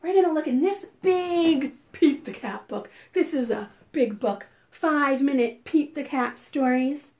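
A woman children's librarian leading a preschool storytime, reading and chanting rhymes in an animated, sing-song way. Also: high-pitched, a little slow, few pauses.

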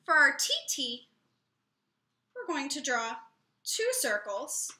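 Bright, lively woman teaching children music. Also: high voice, roomy sound. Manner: slow, clear, encouraging teacher talk to young children.

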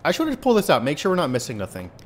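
A man's voice: fairly high pitch, wildly swooping pitch, racing, a crowd in the background. A man playfully talking through a farming video game with his young son, laughing and teasing as he plays. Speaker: gaming channel host, playing with his son. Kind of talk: casual gaming commentary.

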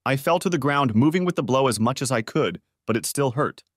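Man, audiobook story narration, animated pitch, mid voice, dry close mic. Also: fairly quick, dry recording. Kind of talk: first-person scripted story narration.

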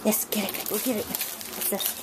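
A woman breeder filming her puppies at home, narrating casually and slipping into high sing-song baby talk. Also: steady tone, moderate pace. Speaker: dog breeder. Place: indoor room at home with puppies. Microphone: handheld camera mic. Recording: noisy home camcorder recording.

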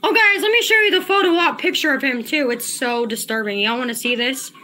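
A woman's voice: high voice, fairly quick, pushed and bright, a little hiss or hum. A woman livestreamer angrily ranting at her chat, confrontational and profane, repeating herself. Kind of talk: angry livestream rant to chat.

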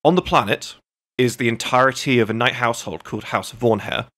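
Man, podcast host, bright voice, casual chat, swears freely, tells anecdotes. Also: mid-range voice, brisk.

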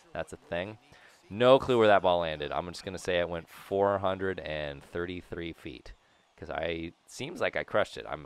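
A deep-voiced man rambles through a casual commentary on a baseball video game, joking around and bursting into sudden yells. His voice is smooth and clear at a low pitch, recorded on a desk mic. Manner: goofy, rambling, sudden excited outbursts. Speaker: gaming YouTuber.

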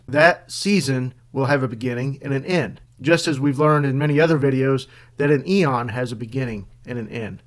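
A man giving scripted Bible teaching, reading scripture passages in a measured way. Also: medium pitch. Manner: measured, reads scripture aloud.

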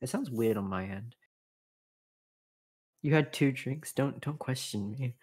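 A man's voice: medium pitch, unhurried, a little mellow, slightly rough. A man joining a livestream as co-host and moderator, bantering in a teasing, playful way. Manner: teasing, playful, mumbly asides.

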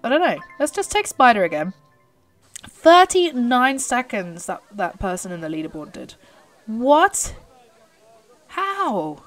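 A young woman with a British accent talks through her gameplay in a lively, up-and-down voice that sits a little high. She cheers her horse on and exclaims at the results. Faint game music plays behind her. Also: normal speed. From Britain. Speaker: gaming YouTuber. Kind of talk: live gameplay commentary.

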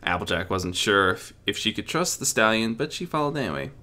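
A man narrating a dramatic reading of a story in an expressive, animated way. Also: lowish voice, a little fast. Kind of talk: dramatic fan fiction reading.

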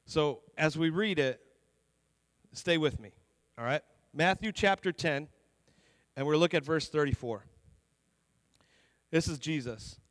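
A man's voice: a little high, measured pace, long pauses, fairly bright tone, dry recording, big-room sound. A young adult man preaching a conversational sermon as pastor in a church, repeating words and dropping in many "you know"s. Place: church sanctuary.

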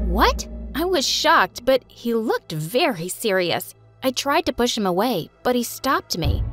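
Young female narrator, animated story, expressive swoops, soft music bed. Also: a little high, moderate pace. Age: young adult.

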